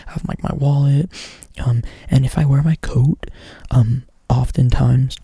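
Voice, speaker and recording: A man's voice: mid-range voice, fairly even intonation, measured pace, creaky, warm tone, breathy edge, no echo. A young man doing whispered ASMR storytelling up close to the mic, rambling casually and swearing a lot. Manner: rambling, profane, filler-heavy casual talk. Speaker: ASMR creator.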